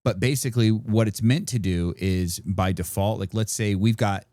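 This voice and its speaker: Male podcast co-host, low mellow voice, rambling chatty delivery. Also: normal speed, no echo. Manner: rambling, explains at length with many fillers. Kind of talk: casual podcast chat. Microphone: studio podcast microphone.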